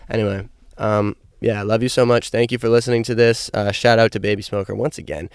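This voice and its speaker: A young man hosting a solo podcast, loose and rambling with lots of fillers, upbeat and a little high. His voice is lowish and smooth. The sound is dry and close. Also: steady tone, fast talker, dry recording. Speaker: podcast host. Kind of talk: casual solo podcast monologue.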